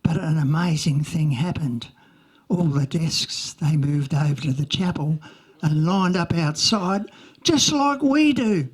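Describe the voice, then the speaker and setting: A woman's voice: sits low, lively intonation, measured pace, breathy edge, exaggerated voice. A woman playing an earnest young schoolchild in a comic monologue, rambling with lots of "like" and childish grammar slips.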